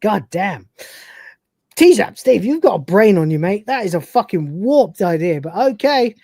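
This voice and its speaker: A woman's voice: mid-range voice, sing-song, unhurried, mellow, no echo. A woman co-hosting a live stream, giving a rambling, profane, casual recap of a TV episode and acting out its scenes. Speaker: podcast co-host.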